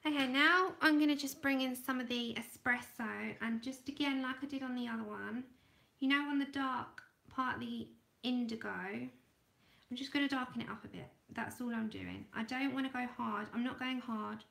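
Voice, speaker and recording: A woman hosting an art livestream, chatting casually and thinking aloud as she draws, sometimes trailing off into quiet murmurs. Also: on the high side, steady tone, moderate pace, gravelly, echoey room. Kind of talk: casual livestream chat while drawing.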